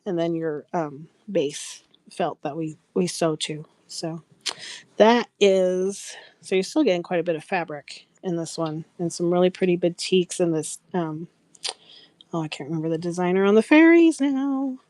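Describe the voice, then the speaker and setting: A woman's voice: fairly low pitch, normal speed, warm tone, no room sound. A woman hosting a live craft sales stream, chatting casually, rambling and laughing often as she greets viewers by name. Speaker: craft seller and live show host.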